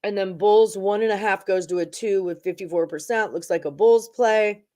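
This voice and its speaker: This sports betting show host has a mellow, mid-range voice and keeps a moderate pace. Chatting casually with viewers on her livestream, she lists odds and percentages for her picks.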